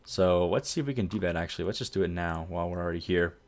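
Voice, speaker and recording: With a voice that sits low and a racing delivery, a video host narrates his city-building session. The commentary is easygoing and rambling, and he often fixes his own statements mid-thought.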